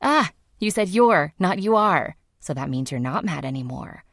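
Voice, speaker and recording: A woman voices an outspoken adult woman in an audiobook scene. She presses and teases with firm emphasis, in a low, gravelly voice. The sound is dry and close to the mic. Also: expressive, normal speed, a bit bright, dry recording, heavily acted. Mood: teasing. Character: blunt, teasing adult woman, the narrator's younger self in scenes.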